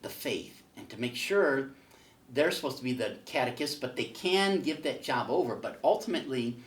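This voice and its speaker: A man's voice: mid-range voice, animated, normal speed, reverberant. Guy teaching a church class, chatty storyteller, lots of ups and downs, mic far away. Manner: storytelling, folksy, with fillers. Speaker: catechism teacher. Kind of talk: casual classroom teaching with a told joke. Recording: voice picked up from a distance.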